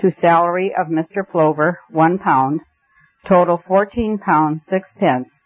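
Male audiobook narrator, slightly high voice, thin phone-like sound. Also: a little slow. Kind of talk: scripted narration. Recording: tinny phone-like band, dry.

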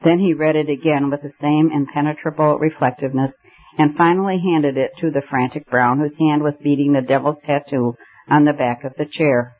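A man narrating a classic story as an audiobook reader, measured and expressive. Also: on the high side. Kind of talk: scripted narration. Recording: tinny phone-like band, dry.

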